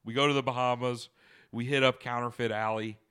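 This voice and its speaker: A young man with a bright, ringing voice tells a long, rambling trip story in a casual podcast chat. His tone is crisp and smooth, and he swears and laughs freely. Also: mid-range voice, steady tone, brisk. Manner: rambling, profane, laughing often. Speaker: podcast co-host.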